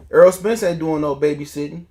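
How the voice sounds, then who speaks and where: A man's voice: fairly high pitch, moderate pace, warm tone. A man hosting a casual boxing livestream, ranting in a heated, profane, mocking way. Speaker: boxing talk show host.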